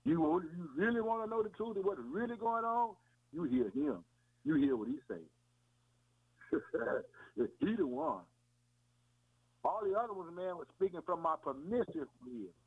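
A man with a high, expressive, slightly rough voice preaches an informal sermon at a measured pace, leaving long pauses. He speaks in a folksy way, keeps addressing listeners as "man" and "boy," and repeats himself. The audio sounds tinny, like radio over a phone.

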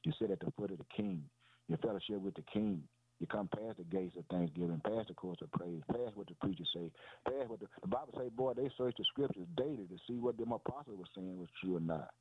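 A man with a low voice preaches a sermon. He builds on repetition, asks his own questions and answers them, and throws "boy" and "man" between phrases. The sound is dry and tinny, like a phone line. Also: quick pace, husky, no room sound. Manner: peppers phrases with "boy" and "man", calls out "Hallelujah".

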